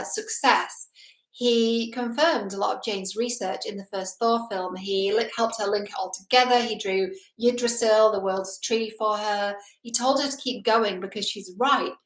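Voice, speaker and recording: A woman's voice: on the high side, moderate pace, reverberant, poor audio. A woman hosting a casual film analysis video, chatting with enthusiasm.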